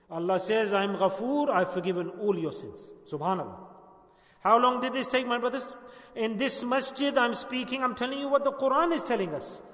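A man's voice: very high-pitched, a bit bright. A man preaching a sermon in a mosque, exhorting and pleading with his listeners in repeated phrases. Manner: impassioned, pleading, repetitive exhortation. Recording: distant echoey hall recording.

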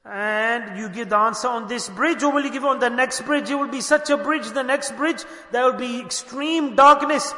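A preacher doing a poor widowed mother whose only cow has been taken, heard high, bright and raised in urgent, scolding protest. She grieves and accuses in the same breath. The voice rings through an echoey hall with a long reverb tail. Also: normal speed, few pauses. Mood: fierce warning.

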